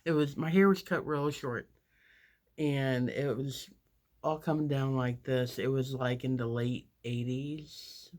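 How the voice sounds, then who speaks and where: Fifty-something lady rambling slowly thru a story while doing makeup, lots of ums. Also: extremely low pitch, steady tone, darkish tone. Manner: rambling, with many fillers and restarts.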